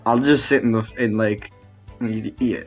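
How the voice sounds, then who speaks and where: A man's voice: fairly low pitch, steady tone, a little slow, muffled recording, soft background music, voice pushed down, natural voice. A man doing a laid-back undead student. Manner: drawling, hesitant.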